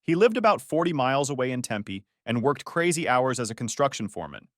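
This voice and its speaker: A young man narrating a first-person story in an even, reflective way. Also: mid-range voice, brisk, dry recording, clean studio sound.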